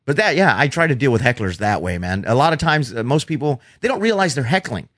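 A man's voice: mid-range voice, fast, no room sound, clean studio sound. A man, a stand-up comedian, telling heckler stories in casual podcast chat, swearing freely and acting out quotes. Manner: profane, animated storytelling with acted-out quotes.

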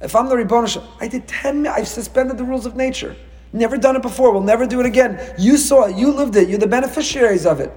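A man teaching a Torah lecture as a rabbi, animated and acting out dialogue with sudden rises in pitch. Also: fast talker, big-room sound.

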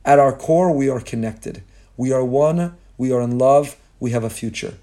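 A man delivering a heartfelt sermon-style Torah lesson. His voice is mellow and warm, and it sits at an everyday middle pitch. He stacks phrase after phrase in rhetorical lists and slips in Hebrew phrases. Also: moderate pace. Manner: impassioned, repetitive rhetorical lists. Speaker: Torah teacher.

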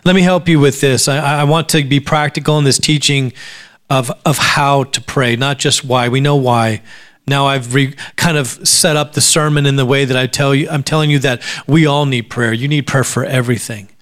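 A man's voice: medium pitch, fairly even intonation, moderate pace, a bit bright. A man preaching as a pastor at a church service, talking conversationally, often repeating words as he starts a sentence, with dry sarcastic asides. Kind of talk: sermon.

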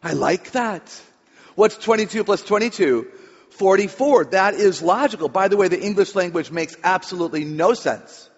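On stage in a big hall, this woman speaks playfully and chattily, drawing her audience into a humorous talk; she's an author and speaker on children. Her expressive, mid-range voice has a breathy edge and normal speed, ringing with long reverb through a dull, lo-fi recording.

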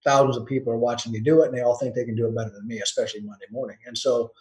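A man's voice: medium pitch, steady tone, very fast, a little mellow, reverberant, rough recording. Man telling ranch stories with chuckles. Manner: rambling anecdotes with restarts and chuckles. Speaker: football coach. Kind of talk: casual storytelling interview.

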